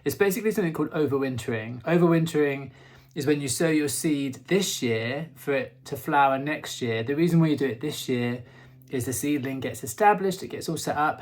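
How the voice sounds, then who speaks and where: A young man hosting a casual home vlog, playful and camp, breaking into sudden squeals of excitement. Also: medium pitch. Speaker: vlog host.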